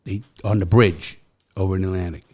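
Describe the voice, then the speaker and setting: A middle-aged man hosting a podcast, telling stories in casual chat and jumping to loud, high quotes. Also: a little fast. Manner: animated storyteller, jumps to loud high quoting. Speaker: podcast host.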